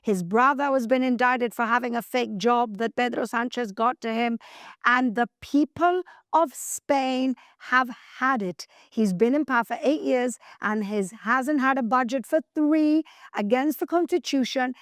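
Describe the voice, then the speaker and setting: A woman hosting a news commentary show, speaking emphatically and scolding, slowing down to stress her words. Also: fairly high pitch, no room sound, clean studio sound. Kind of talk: opinion commentary.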